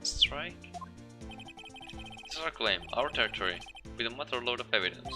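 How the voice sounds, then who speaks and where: A man voicing a swaggering cowboy detective who talks in a loud drawl, with game music behind. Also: mid-range voice, expressive, very slow.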